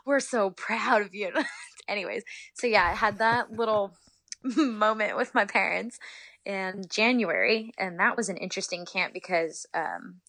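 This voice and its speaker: A young woman from Northern California, a soccer player, chatting as a guest in an interview and retelling stories in a lively, giggly way. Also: mid-range voice, unhurried, dry recording. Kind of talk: casual interview storytelling.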